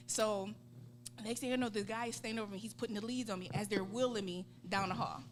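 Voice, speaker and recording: A woman in her forties with a Southern US accent, a guest on a talk show, telling a lively story and acting out voices. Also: medium pitch, fast. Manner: laughing, acts out voices in quotes. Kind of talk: animated storytelling. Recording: steady background hum.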